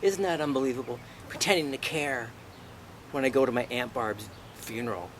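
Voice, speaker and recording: Male vlogger, mid pitch, profane and indignant, ranting to camera. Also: normal speed, slight background noise. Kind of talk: angry personal rant to camera.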